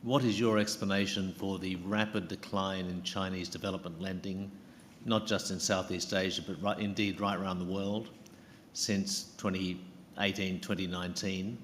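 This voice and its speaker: Deep-voiced man questioning from the floor. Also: steady tone, normal speed, a bit bright. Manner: informal, self-deprecating, stumbling. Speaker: audience questioner. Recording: reverberant hall with faint room noise.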